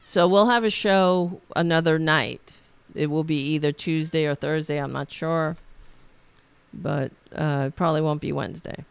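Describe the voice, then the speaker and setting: A woman hosting her own talk show, chatting loosely as she signs off, her voice worn and going hoarse. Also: sits low, fairly even intonation, moderate pace. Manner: rambling, chatty, trails off and restarts. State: losing her voice. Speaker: podcast host. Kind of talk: casual talk show sign-off.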